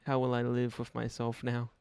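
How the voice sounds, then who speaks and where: A man's voice: medium pitch, vocal fry, darkish tone, smooth, no room sound. A man chatting on a gaming livestream, rambling and joking and laughing often. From Australia. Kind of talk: casual gaming livestream chat.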